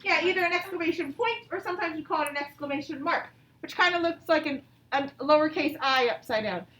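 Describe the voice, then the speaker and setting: A woman teacher leads a grammar lesson for young children. Her voice sits high and patient, and she stretches out example sentences with exaggerated expression. She sounds a bit distant from the mic, in an echoey room. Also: a little fast, fairly bright tone, a little hiss or hum.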